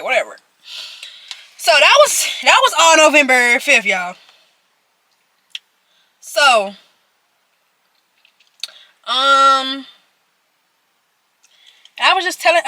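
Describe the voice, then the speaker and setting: Talking straight to her viewers between bites, an eighteen-year-old woman vlogger chattily recounts a personal story. She has a high, bright, forceful voice, and the recording is dry.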